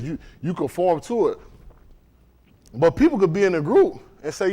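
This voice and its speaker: A man's voice: high-pitched, sing-song, a little fast, darkish tone. A man from preaching a sermon to a congregation in a loose, conversational way, often checking in with questions. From Dade County, Florida. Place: congregation room.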